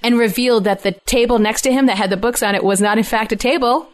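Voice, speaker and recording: A middle-aged woman in casual chat, telling animated stories full of laughter and acted-out quotes. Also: a little high, quick pace. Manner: animated storyteller, laughs often, acts out quoted voices.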